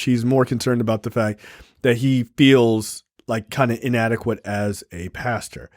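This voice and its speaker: A man in a loose podcast film chat, rambling through the plot with ums and quick jokes. His voice sits in a middle register, recorded close and dry with no room sound. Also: medium pitch, dry recording. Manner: rambling, with frequent ums and jokey asides. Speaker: podcast co-host. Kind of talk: casual movie review chat.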